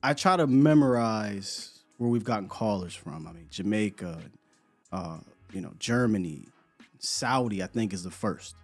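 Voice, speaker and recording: A man's voice: on the low side, animated, measured pace. Laid-back man hosting a sports show. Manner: loose, laughing, repeats words. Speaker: sports podcast host. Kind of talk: casual live-stream chat.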